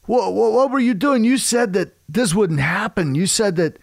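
A man's voice: high voice, normal speed, creaky, no room sound, studio quality, voice pushed up. A man voicing a frightened farmer in a spoken parable. The farmer is panicked and accusing. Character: frightened, betrayed old-time farmer.

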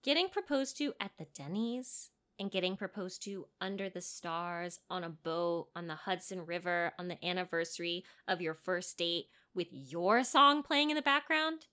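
A woman's voice: lowish voice, normal speed, few pauses, bright, forceful tone. A woman co-hosting a podcast, chatting in a jokey, silly way. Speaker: podcast co-host. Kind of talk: casual comedic chat.

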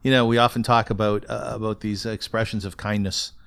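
A man's voice: on the low side, little pitch movement, fairly quick, gravelly, fairly bright tone, clean tone. A man hosting a podcast, chatting casually and telling a story of his own. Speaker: podcast host. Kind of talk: casual conversational interview.

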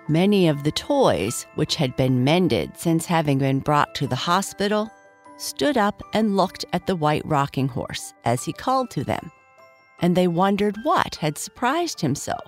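Slow, low-voiced woman storyteller. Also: faint music behind. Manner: gentle, unhurried, expressive. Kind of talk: children's story reading.

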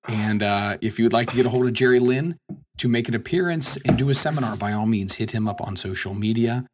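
A man's voice: mid-range voice, brisk, noisy background. A man hosting a podcast in casual chat, upbeat, reading out plugs for the show and swearing now and then. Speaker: podcast host.

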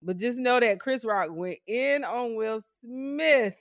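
A woman's voice: fairly high pitch, animated, takes it slowly, no echo, studio quality. A woman hosting a podcast in casual chat, teasing her co-host and telling stories with lots of laughter. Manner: teasing, laughing, chatty storyteller.

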